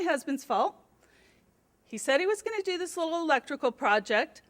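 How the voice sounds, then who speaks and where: A middle-aged woman, an office administrator, recounts an awkward episode to her coworkers in a casual recorded message. Her voice sits high, and she talks in a chatty, animated, self-deprecating way. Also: measured pace. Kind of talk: casual storytelling to camera.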